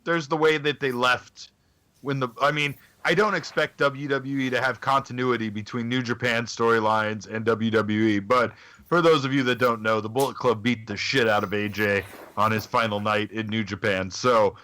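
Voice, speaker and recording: Bright-voiced man on a chat podcast. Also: mid-range voice, fairly even intonation, normal speed. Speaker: podcast co-host. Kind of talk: casual chat about wrestling.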